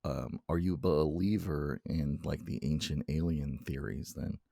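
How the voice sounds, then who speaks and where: A man's voice: very deep voice, a little slow, vocal fry, mellow, no room sound, clean studio sound. A man co-hosting a podcast in casual chat, teasing his co-host and laughing often.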